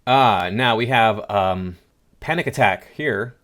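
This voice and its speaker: A man's voice: on the low side, takes it slowly, fairly bright tone. Sarcastic man riffing on posts. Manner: sarcastic, scoffing. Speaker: political commentary host. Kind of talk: reading and reacting to posts.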